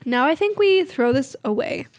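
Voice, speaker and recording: A woman's voice: sits high, sing-song, normal speed, dry recording, highs cut off. A young woman vlogging in a chatty, rambling, self-mocking way. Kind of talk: casual vlog chat.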